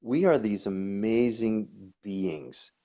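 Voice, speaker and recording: A man, a guest coach, talking casually and telling stories in an animated way, often repeating words. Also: on the low side, slow pace. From New York. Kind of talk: conversational storytelling. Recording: dull lo-fi audio.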